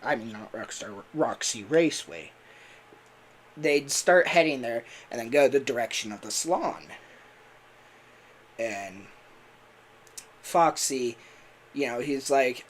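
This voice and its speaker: A man's voice: medium pitch, lively intonation, slow pace, long pauses. Rambling man chatting on a stream. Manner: rambling, full of fillers and laughs. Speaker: voice actor and streamer. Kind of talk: casual livestream chat.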